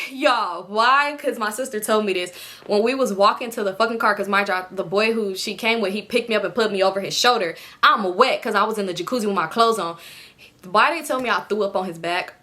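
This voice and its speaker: A young woman from California telling a personal story in a casual vlog, animatedly acting out what everyone said, with lots of swearing. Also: medium pitch. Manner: animated retelling, voices others with expletive-laden quoted outbursts. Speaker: storytime vlogger.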